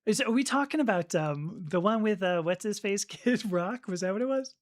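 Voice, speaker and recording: A woman's voice: medium pitch, expressive, moderate pace. A woman hosting a live stream, chatting casually and reflectively as she reads and answers viewer comments, with restarts and small laughs. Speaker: livestream host reading viewer comments.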